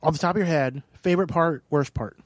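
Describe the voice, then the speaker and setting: A man's voice: on the high side, quick pace, no echo, clean studio sound. A man hosting a casual podcast, steering the talk with a joking manner. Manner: jokey, leads the conversation. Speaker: podcast host.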